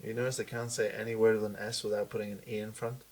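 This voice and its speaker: A man's voice: fairly low pitch, flat delivery, fast. A man co-hosting a podcast, trading teasing comebacks in casual joking banter. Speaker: podcast co-host.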